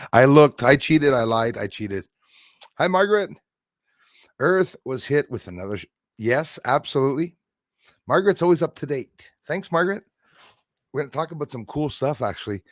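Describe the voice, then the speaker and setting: A man's voice: mid-range voice, dry recording, studio quality. A man hosting a late-night live stream, chatting loosely with viewers and greeting them by name. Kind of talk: casual live stream chat.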